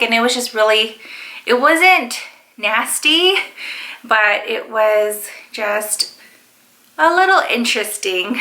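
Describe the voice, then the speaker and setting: A woman's voice: fairly high pitch, pushed and bright. A young woman casually telling a rambling personal story to the camera, with frequent fillers. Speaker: vlogger.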